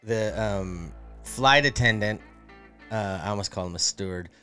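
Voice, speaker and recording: A man's voice: fairly low pitch, measured pace, bright, forceful tone, faint music behind. A man co-hosting a podcast, telling a story in casual chat, rambling with many fillers and restarts. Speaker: podcast co-host.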